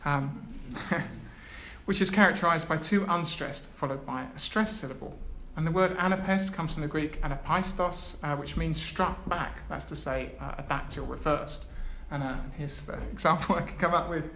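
A man's voice: on the high side, normal speed, pushed and bright. Man giving a lecture. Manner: reads a prepared text, with hesitant asides. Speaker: academic speaker. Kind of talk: academic lecture. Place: lecture room. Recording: echoey room, faint background noise.

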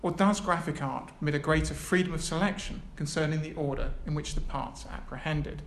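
A man with a fairly high voice lectures a little fast, working through a prepared text and adding hesitant asides as an academic speaker. It's recorded in an echoey lecture room with faint background noise.

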